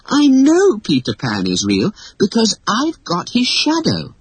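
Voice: medium pitch, huge pitch swings, measured pace, husky, dry recording, voice pushed up, exaggerated voice, poor audio. A narrator voicing a young girl who pleads defiantly and tearfully. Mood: tearful pleading.

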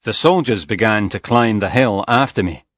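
A man reading a first-person story aloud in a slow, measured and even way. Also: on the low side, dry recording. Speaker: audiobook narrator.

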